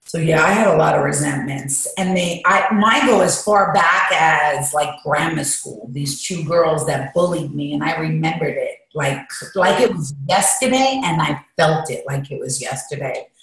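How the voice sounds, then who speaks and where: Woman interview guest, lowish voice, confessional and rambling, heavy echo. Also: normal speed, few pauses, a bit bright. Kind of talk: candid interview. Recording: echoey room.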